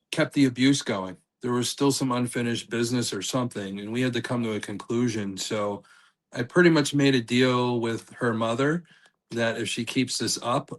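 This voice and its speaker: A man in a casual podcast chat, calmly retelling an experience with a few fillers. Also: mid-range voice, poor audio. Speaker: paranormal investigator guest.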